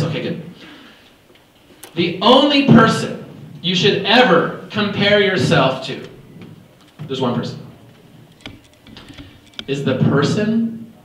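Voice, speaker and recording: A man with a high, bright voice speaks playfully to a school assembly, swinging his pitch widely as he talks to the crowd. The sound is heard from a distance in a very echoey hall, with faint room noise behind him. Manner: playful, animated, talks straight to the audience. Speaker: motivational speaker. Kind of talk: motivational school assembly talk.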